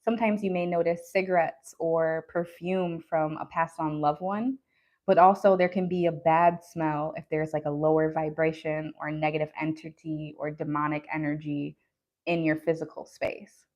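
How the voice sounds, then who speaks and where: Lowish-voiced woman hosting a spiritual livestream. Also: level tone, a little mellow, muffled recording. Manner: earnest, unhurried spiritual teaching with frequent "um" and "you know". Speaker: tarot reader and live-stream host. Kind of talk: casual live-stream talk answering chat.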